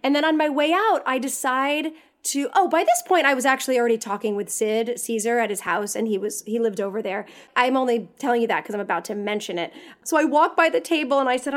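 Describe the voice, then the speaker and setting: A woman's voice: a little high, quick pace, few pauses. A woman, a guest actress, chatting casually and telling a story expressively, acting out her own lines. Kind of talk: casual chat.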